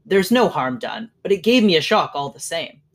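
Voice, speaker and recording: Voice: mid-range voice, big pitch swings, normal speed. A reader voicing an elderly father who is eager and curious, with nervous edges.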